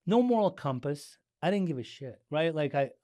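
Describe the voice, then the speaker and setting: A middle-aged man from Southern California, a guest in a casual interview, telling his story with animated delivery and acting out the dialogue. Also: fairly high pitch, normal speed, no echo, studio quality. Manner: animated, acts out dialogue, frequent "like" and restarts.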